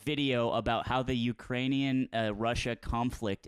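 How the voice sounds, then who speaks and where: A man's voice: mid-range voice, steady tone, moderate pace, smooth, dry recording. A man from Colorado in casual chat, often jumping in with jokes and swearing. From Colorado, USA. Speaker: friend in a group chat.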